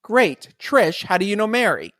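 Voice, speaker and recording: A man's voice: high voice, very animated, moderate pace, a bit bright, dry recording, clean studio sound. A man hosting an upbeat podcast, enthusiastic and playful as he tells stories and welcomes guests. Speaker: podcast host.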